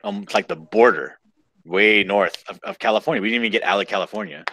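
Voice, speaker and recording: Rambling low-voiced man, lively pitch. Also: fast talker, creaky, no room sound. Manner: rambling, full of fillers and restarts. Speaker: co-host. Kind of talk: casual chat during a live drawing stream.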